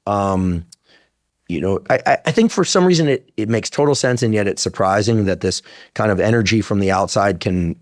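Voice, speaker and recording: A man in his fifties with a fairly low voice interviews a guest in loose, rambling sentences. He restarts often and drops blunt opinions along the way. The sound is dry and close. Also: expressive, normal speed, no room sound. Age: 50s. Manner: talkative, thinks aloud with restarts, blunt opinions. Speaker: podcast host. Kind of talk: casual interview.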